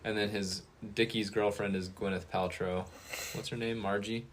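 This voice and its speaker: A man's voice: fairly low pitch, flat delivery, normal speed, a little hiss or hum. A man co-hosting a casual movie review podcast, rambling and hesitant, with many fillers and restarts. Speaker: podcast co-host.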